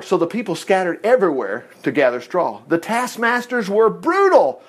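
Man, Bible teacher, reads and comments, exclamatory asides, high voice, very lively pitch. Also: a little fast, few pauses.

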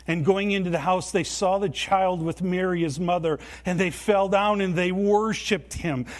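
A man preaching a sermon in a church, earnest and emphatic, with deliberate pauses. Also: high voice. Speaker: pastor.

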